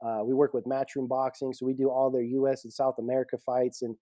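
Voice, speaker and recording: Male security pro, casual storyteller, mellow voice, dry sound. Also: mid-range voice, quick pace, dry recording. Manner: animated storyteller, laughs often. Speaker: executive protection guest.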